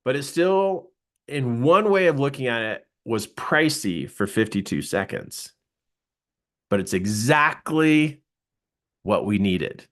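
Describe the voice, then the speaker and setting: A middle-aged man, a business coach, telling a story in a live coaching talk and acting out his own surprise. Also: takes it slowly. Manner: animated storyteller, voice jumping high for quoted surprise.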